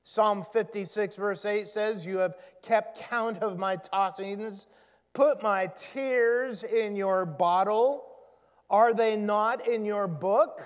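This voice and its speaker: A male pastor with a high voice delivers a sermon at an unhurried pace. He moves between casual asides to the congregation and expressive readings of scripture. A long reverb trails every phrase, as if he is in a big church hall. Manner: conversational preaching, dramatic scripture reading.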